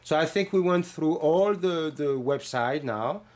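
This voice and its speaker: A man's voice: fairly high pitch, animated, unhurried, darkish tone. Middle-aged french guy, heavy accent, walks through his bootmaking classes, earnest, lots of uhs. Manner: earnest, apologetic, hesitant with many fillers. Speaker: bootmaking instructor. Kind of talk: explaining classes in a promo walkthrough.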